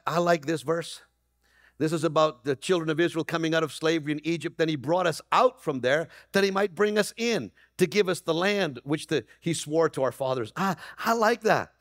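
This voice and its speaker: A man preaching a Christmas Eve sermon as pastor, energetic and rising to near-shouts, with playful asides to the congregation. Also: a little high, dry recording, studio quality. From Canada. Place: church hall.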